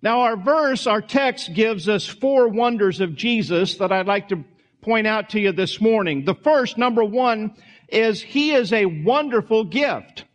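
High-voiced preacher, folksy. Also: male voice, measured pace. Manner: conversational, folksy, with small asides and restarts. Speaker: pastor. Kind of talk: sermon.

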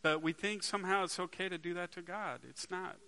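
A man's voice: high-pitched, steady tone, brisk, pushed and bright, clean tone. A man preaching a sermon to a congregation in a conversational way, asking them rhetorical questions and restarting words as he searches for them.

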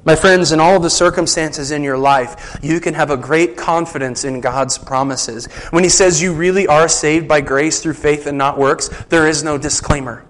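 A man's voice: fairly high pitch, fairly even intonation, moderate pace, hardly any pauses, fairly bright tone, poor audio. A man preaching a sermon as a pastor, conversational, asking the congregation rhetorical questions.

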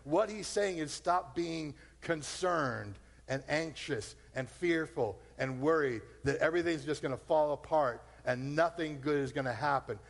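A man's voice: fairly high pitch, gravelly, in a large hall. A man preaching a sermon as a pastor, talking in a loose conversational way and acting out the voices of his listeners.

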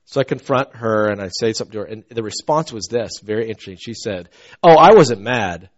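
A man preaching a conversational sermon, telling stories with swings from soft asides to loud outbursts. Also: on the low side, fast talker. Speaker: pastor. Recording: dull lo-fi recording.

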